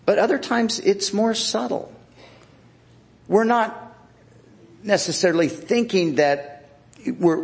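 A man preaching a sermon, speaking in a deliberate, reflective way with frequent restarts. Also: on the high side.

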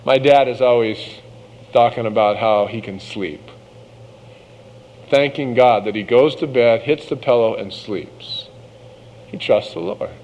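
A man's voice: medium pitch, a little mellow, lo-fi sound, slight background noise. Preacher man reading scripture in a hall. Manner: slow, measured scripture reading with casual asides. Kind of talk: sermon.

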